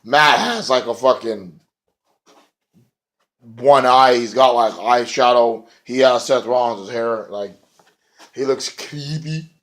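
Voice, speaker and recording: A man's voice: medium pitch, fairly even intonation, slow, fairly bright tone. A young man reviewing a wrestling show in loose, rambling chat with lots of swearing and fillers. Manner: rambling, profane, filler-heavy. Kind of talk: casual chat.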